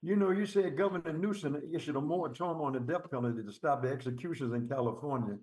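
Conversational male radio host with a somewhat high voice. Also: quick pace, a little mellow. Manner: conversational, questioning. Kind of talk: radio interview.

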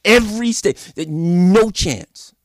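Guy hosting a talk show, gravelly voice that swings up and down a lot, keeps firing rhetorical questions. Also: high-pitched, slow, no echo, studio quality. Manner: animated, repeats points, fires rhetorical questions. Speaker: political commentary show host. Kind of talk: opinion monologue.

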